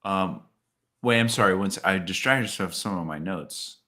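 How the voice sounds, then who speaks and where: A man takes his turn in a tabletop role-playing game. His voice is very deep. He chats easily and thinks out loud, often breaking off a sentence and starting it again. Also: normal speed. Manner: chatty, thinking aloud with restarts. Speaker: player.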